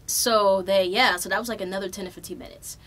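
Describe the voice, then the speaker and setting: A young adult woman hosting a podcast, telling a travel story in a loose, animated way with plenty of swearing. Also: medium pitch, fast talker. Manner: profane, animated, loose and chatty. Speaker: podcast host. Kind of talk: casual storytelling.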